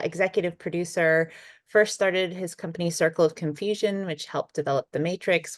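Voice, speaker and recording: A woman hosting a webinar interview, enthusiastic and friendly, with lots of affirming hums. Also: on the low side. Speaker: interviewer, film sector specialist. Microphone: video call.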